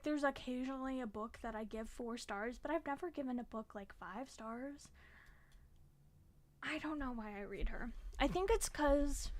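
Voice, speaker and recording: A young woman vlogging about her reading, chatty and frank, with the occasional curse when she gets frustrated. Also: a little high. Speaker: book vlogger. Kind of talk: casual chat.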